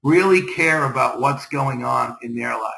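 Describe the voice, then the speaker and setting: A man's voice: medium pitch, measured pace, vocal fry, sharp tone, reverberant, slight background noise, rough recording. A man giving an upbeat, motivational business presentation, pressing his points home with short repeated urgings. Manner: upbeat, repetitive exhortations.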